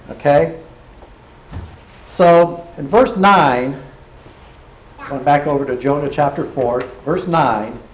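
Male preacher, earnest sermon, light hiss under a roomy hall echo. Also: a little high. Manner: earnest, checks in with listeners.

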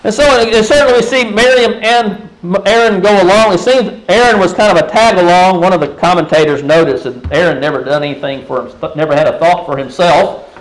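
High-voiced man preaching a sermon. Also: a little fast, hardly any pauses, poor audio. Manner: conversational, asks the congregation rhetorical questions; frequent restarts and fillers.

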